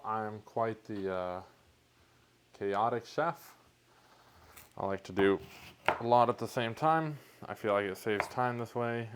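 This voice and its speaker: A man's voice: fairly low pitch, a little hiss or hum. A man chatting casually in his home kitchen while he cooks, joking and rambling with mock confidence and poking fun at himself. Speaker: home cook vlogger. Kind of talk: casual cooking vlog.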